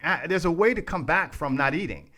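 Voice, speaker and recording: A man's voice: on the high side, animated, fairly quick, sharp tone. A man co-hosting a podcast, ranting in casual chat, restarting phrases and talking straight to his listeners. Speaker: podcast co-host.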